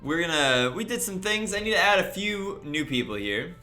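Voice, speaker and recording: Upbeat high-voiced streamer in an echoey room. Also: male voice, very animated, bright, forceful tone. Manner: upbeat, greets chat viewers rapidly by name. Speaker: livestream host. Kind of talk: casual livestream chat. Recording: roomy echo, faint music behind.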